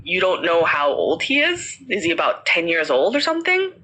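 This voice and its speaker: A woman's voice: on the low side, sing-song, normal speed, sharp tone, full character voice, poor audio. A woman voicing a puzzled young man asking uneasy questions in a spoken ghost story. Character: young man, uneasy visitor unsettled by a parrot.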